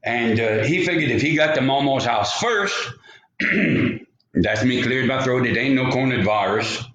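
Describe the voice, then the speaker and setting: A man's voice: medium pitch, unhurried, a bit bright. A man with a Louisiana Cajun accent telling a folksy story aloud, with rambling, chatty asides. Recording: roomy, slightly dull home recording.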